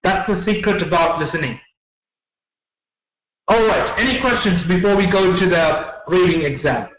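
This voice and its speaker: Guy teaching english test tips to a class, fairly high voice, repeats himself a lot, echoey classroom sound. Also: normal speed, fairly bright tone. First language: not English. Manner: explanatory, repeats words, checks in with students. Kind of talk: classroom lecture.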